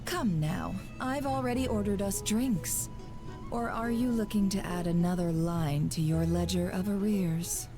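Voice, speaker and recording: Woman playing a sly, slow-talking gambler. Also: medium pitch, lightly acted. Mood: teasing. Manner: smooth, teasing, unhurried. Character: sly, composed female gambler and hostess. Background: game music.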